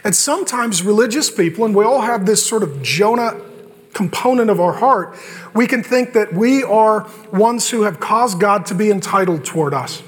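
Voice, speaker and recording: A man's voice: sits high, expressive, normal speed, a little hiss or hum. A male pastor preaching a sermon with humor, acting out biblical characters in quoted asides.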